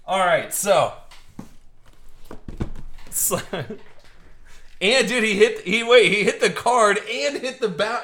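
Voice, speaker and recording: A man's voice: high-pitched, fairly bright tone. A young man hosting a live card-opening stream, chatting casually and rambling through stories with lots of restarts. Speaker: card break host.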